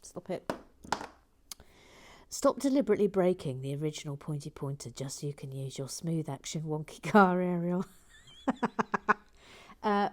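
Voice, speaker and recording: A middle-aged woman chats as she builds and reads out viewer comments. Her voice sits low and sounds warm and relaxed. She is dryly funny, and she keeps slipping into quiet, half-whispered muttering to herself. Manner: chatty and wry, drifts into soft half-whispered muttering. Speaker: LEGO building channel host.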